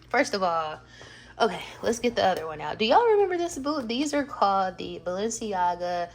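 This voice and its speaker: Woman vlogger, gushing and excitable, casual and cussing, gravelly fry, faint hiss behind. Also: medium pitch, brisk. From Atlanta, US South. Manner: gushing, excitable, swears freely. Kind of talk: casual vlog chat.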